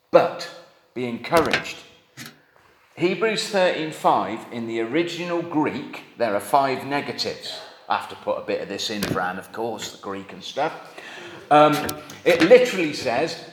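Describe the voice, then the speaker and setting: A man's voice: medium pitch, a bit bright. A middle-aged man preaching a sermon, earnest and conversational, with wry asides. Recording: echoey hall with faint noise.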